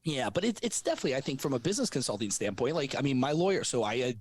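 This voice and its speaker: A man's voice: mid-range voice, racing, a little hiss or hum. A man working as a gym business consultant, talking brashly and casually with plenty of swearing on a podcast. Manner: brash, profane, animated.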